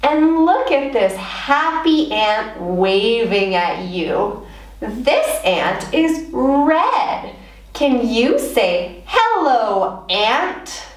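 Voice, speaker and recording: A woman's voice: fairly high pitch, big pitch swings, extremely slow. A woman teaching English words to young children, prompting them to repeat and praising them in an encouraging, sing-song way. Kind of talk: slow children's vocabulary lesson. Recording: echoey room, voice a bit far from mic.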